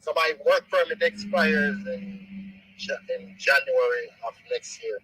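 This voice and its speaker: A man's voice: fairly high pitch, huge pitch swings, unhurried, pushed and bright, breathy edge, dry recording, low-quality recording. A man with a Jamaican accent calling in to ask a question, polite and plain-spoken. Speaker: caller. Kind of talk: casual call-in question.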